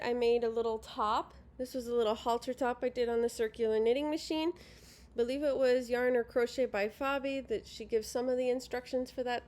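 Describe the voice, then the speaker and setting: A woman's voice: fairly high pitch, darkish tone. A woman casually showing her handmade crafts at home, rambling with many ums and self-corrections, and a little sleepy. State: yawning, sleepy. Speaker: crafting vlogger. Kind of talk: casual show-and-tell. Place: at home by a sofa.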